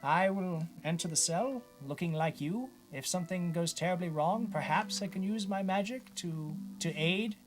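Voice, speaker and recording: A man voicing a formal, courteous male mage in a higher voice than his own, polite and addressing others as sir. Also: normal speed, hardly any pauses, natural voice, rough recording. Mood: earnest. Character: formal male magic-using companion, courteous.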